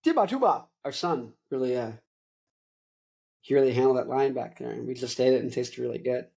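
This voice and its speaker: A woman's voice: extremely low pitch, flat delivery, fairly quick, gravelly, mellow. A woman podcast host telling a rambling, absurd comic story, often stopping to correct herself and drift onto side points. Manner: tangential, self-correcting, jokey absurd riffing.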